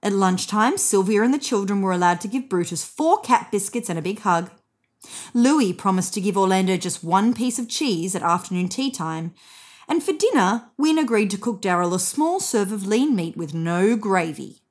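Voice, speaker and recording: Speaking at a moderate pace with medium pitch, this storybook reader is a woman sharing a children's picture book aloud. Her delivery is soft and full of expression.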